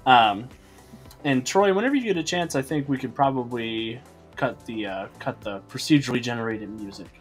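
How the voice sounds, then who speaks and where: A man's voice: mid-range voice, a little fast, faint music behind. A man hosting and running a tabletop role-playing game stream, upbeat and chatty with a fondness for puns. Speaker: game master.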